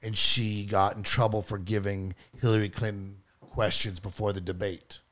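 Rambling low-voiced man in casual chat. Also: flat delivery, a bit bright. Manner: rambling, halting, repeats himself. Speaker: podcast co-host.

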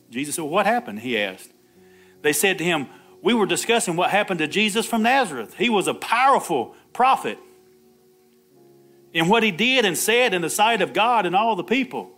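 A man's voice: fairly high pitch, sing-song, a little slow, long pauses, sharp tone, faint music behind. A man preaching an Easter sermon, laughing often, calling out "Amen" and acting out the Bible dialogue himself. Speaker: pastor.

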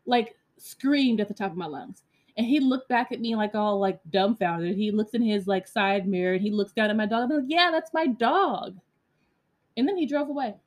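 Woman podcast host, casual storytelling monologue, animated, blunt, profane, lots of fillers, mid-range voice. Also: mid-range voice, fairly quick.

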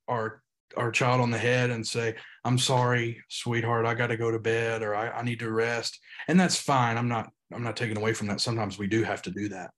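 A young man, a pastor and podcast guest, talking earnestly in casual interview chat, halting with frequent restarts. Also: mid-range voice.

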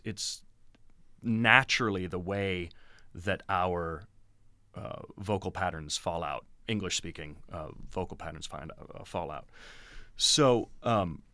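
A man who directs and teaches acting, giving animated, explanatory answers in an interview. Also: low voice, no echo.

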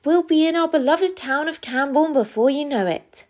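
A cheeky young male elf from a storybook, as a woman narrator voices him, always hatching a plan. He talks in a bright, high, conspiratorial voice. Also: normal speed, close to an everyday voice.

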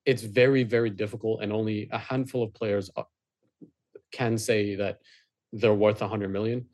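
A man with a lowish voice chats casually as co-host of a football podcast. He weighs his thoughts out loud, circling back and restarting sentences as he goes. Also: level tone, normal speed.

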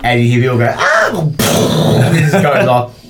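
A man's voice: mid-range voice, over loud music. A man running a tabletop game as game master, talking casually and laughing often. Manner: casual, laughing, quick bursts of excitement.

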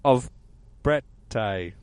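A man co-hosting a podcast, steering the chat with dry, deadpan quips. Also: medium pitch, extremely slow, clean tone, no room sound. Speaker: podcast co-host. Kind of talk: casual banter.

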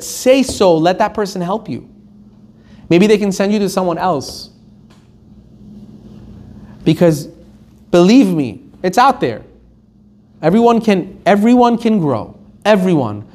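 A man's voice: high-pitched, a little mellow. A man teaching a Torah lesson, telling stories emphatically and acting out the quotes. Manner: emphatic storytelling, acts out quotes.

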